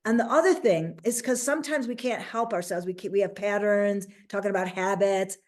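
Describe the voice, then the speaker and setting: A woman hosting a casual interview as a life coach, talking in an animated way and acting out little quoted voices. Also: mid-range voice, brisk.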